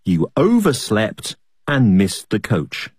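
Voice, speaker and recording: Brief: woman quoting a hotel receptionist in a lower, husky, slow voice, dry sound. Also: sing-song, a little mellow, dry recording, heavily acted. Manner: slow, deliberate read-out quotes. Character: female hotel receptionist, read out.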